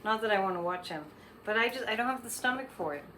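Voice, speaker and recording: Bright-voiced woman giving psychic readings. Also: medium pitch, animated, fast, slight background noise. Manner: rambling, with frequent fillers and restarts. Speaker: psychic host.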